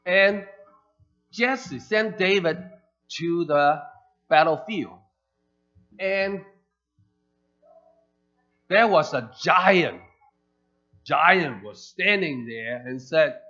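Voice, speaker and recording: Animated preacher man in a church. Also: a little high, drawn-out words, pauses often. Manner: animated, acts out quoted characters. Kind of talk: sermon storytelling. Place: church sanctuary. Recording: dull lo-fi church recording with faint music.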